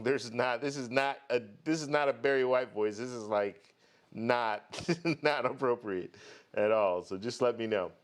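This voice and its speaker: A man's voice: mid-range voice, clean tone. A man hosting a live stream about travel rewards, talking casually and greeting viewers one by one. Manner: chatty, greets viewers by name. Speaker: host of a travel credit card channel.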